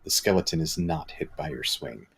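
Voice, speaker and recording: A man narrating as dungeon master, describing scenes in an unhurried way with frequent fillers. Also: very deep voice, animated, husky. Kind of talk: narrating a tabletop game.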